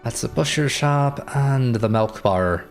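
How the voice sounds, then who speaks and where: A man's voice: mid-range voice, slow, soft background music. Brief: wry male streamer chatting offhand over gameplay. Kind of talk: casual gameplay commentary.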